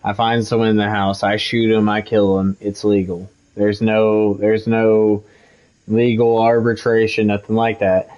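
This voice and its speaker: A man's voice: fairly low pitch, flat delivery, a little slow, a little mellow. A man from Missouri, a game streamer, telling a story at home in a heated, profane casual chat. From Missouri, USA. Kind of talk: casual chat while gaming.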